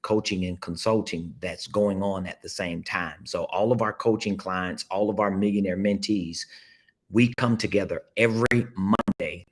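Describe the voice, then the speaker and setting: A man with a slightly low voice talks to his audience on a casual live stream. He coaches emphatically, repeating himself and coaxing listeners to say phrases back. He speaks from a seat at an indoor table. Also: fairly even intonation, normal speed, breathy edge. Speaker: business coach. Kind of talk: casual livestream motivational talk.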